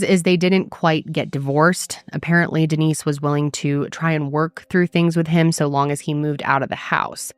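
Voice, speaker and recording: A woman narrates a true crime case as host, earnest and emphatic, pausing for effect. Her voice sits very low, and the sound is dry and close with no room around it. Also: clear, resonant tone, no room sound.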